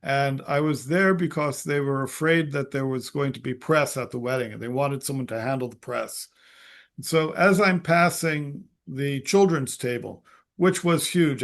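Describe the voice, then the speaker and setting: A man telling a story as a podcast guest, halting and restarting, acting out the quotes. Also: medium pitch. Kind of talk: storytelling in conversation.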